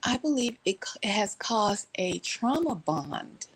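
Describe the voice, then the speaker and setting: A woman, from Texas, telling a story in casual chat from her couch at home, animated and laughing, playfully shifting her voice. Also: medium pitch, a little slow, husky, poor audio.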